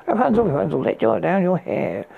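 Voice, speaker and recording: A man's voice: high voice, very animated, normal speed, vocal fry, husky, narrow, tinny audio, voice pushed up, exaggerated voice. A man voicing a proud, impatient young prince in a storybook reading. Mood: urgent.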